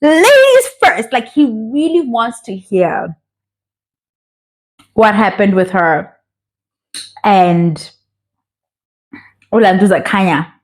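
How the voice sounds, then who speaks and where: A young woman from South Africa with a sore throat, chatting in an animated, opinionated way as she reviews a reality show. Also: medium pitch, slow pace, long pauses. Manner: animated and opinionated, acts out the cast members' voices. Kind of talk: casual chat, reviewing a show.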